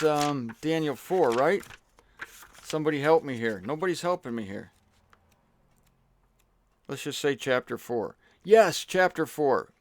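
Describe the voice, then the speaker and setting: A man's voice: a little high, dry recording, studio quality. A man giving a casual, joking Bible teaching talk, digressing as he goes.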